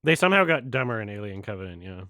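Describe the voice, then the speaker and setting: A man's voice: fairly low pitch, big pitch swings, rapid-fire, pushed and bright, no echo, clean studio sound. A man hosting a movie watch-along, rambling in loose casual commentary, often restarting and laughing.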